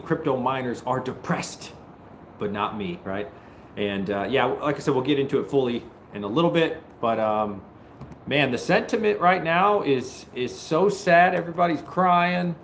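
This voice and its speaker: A man hosting a casual live stream, greeting viewers and joking, at times breaking into loud mock-taunting. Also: medium pitch, a little hiss or hum. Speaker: livestream host. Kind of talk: casual livestream chat with viewers.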